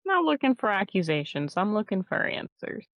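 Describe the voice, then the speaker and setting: A woman's voice: mid-range voice, sing-song, moderate pace, dry recording, muffled recording. A woman playing a cagey, determined investigator. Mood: guarded, firm. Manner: terse, guarded, pressing. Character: determined, cagey investigator seeking a missing person.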